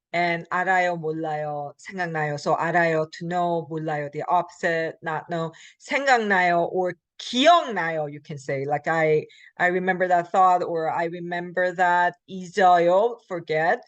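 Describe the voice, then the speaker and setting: A woman's voice: fairly low pitch, fast, a bit bright, no echo. A woman teaching Korean grammar in a recorded lecture. She explains in American English, reads Korean example sentences, and often uses fillers and corrects herself. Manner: frequent fillers and self-corrections. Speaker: Korean language instructor.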